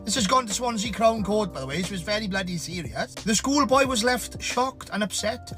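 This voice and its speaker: A man's voice: high-pitched, animated, brisk, pushed and bright, faint music behind. A man delivering a comic news rant, angry and full of swearing. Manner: angry, swearing, exaggerated ranting. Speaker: comedy creator.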